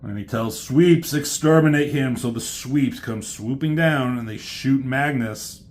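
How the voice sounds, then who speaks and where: A man's voice: mid-range voice, unhurried. A man casually retelling a comic book story as a reviewer, loose and rambling, swearing freely along the way.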